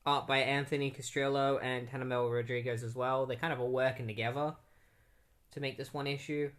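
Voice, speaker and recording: A man's voice: medium pitch, a bit bright. Rambling man recapping comics. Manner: rambling, heavy use of "like" and "um". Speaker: comic book reviewer. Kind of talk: casual plot recap.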